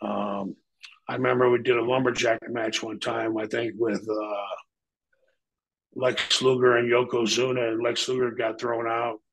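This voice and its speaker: A man's voice: mid-range voice, measured pace, vocal fry, poor audio. A man in his fifties recounting his wrestling days with blunt, profane candor. He talks in a mid-range voice, rambling through stories with plenty of fillers. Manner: profane, blunt, animated when quoting others. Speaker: retired pro wrestler guest. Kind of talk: candid storytelling interview.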